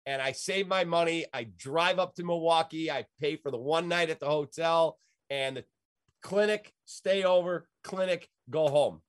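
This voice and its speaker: A man's voice: a little high, normal speed, no room sound, clean studio sound. A middle-aged man from the Chicago area, telling a story in casual talk and acting out the voices of the people in it. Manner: lively, acts out quoted voices.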